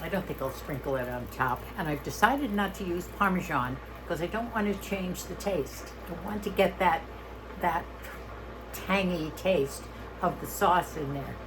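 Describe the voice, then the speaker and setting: A woman's voice: on the low side, expressive, moderate pace, background noise. A woman in her eighties, chatty and homey, talking through a cooking demonstration in her home kitchen. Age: 80s. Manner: chatty, homey, talks through each step. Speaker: home cook vlogger.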